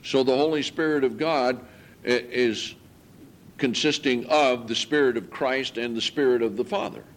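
Earnest preacher man, emphatic sermon. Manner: earnest, emphatic, rising in pitch on key points; slow, deliberate scripture reading.

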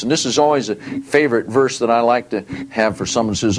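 A man teaching a Bible study, reading verses aloud and repeating key words with deliberate stress. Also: medium pitch, expressive, a little hiss or hum.

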